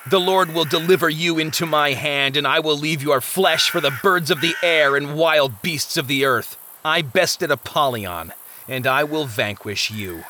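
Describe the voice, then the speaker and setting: A man's voice: on the high side, unhurried, pushed and bright, slight background noise. A man voicing a bold, steadfast male pilgrim hero who speaks firmly. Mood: defiant. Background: music.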